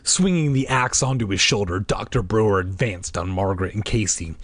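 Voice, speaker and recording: A man reading a children's horror book aloud, narrating with expressive storytelling. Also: lowish voice, brisk, no room sound. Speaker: reader.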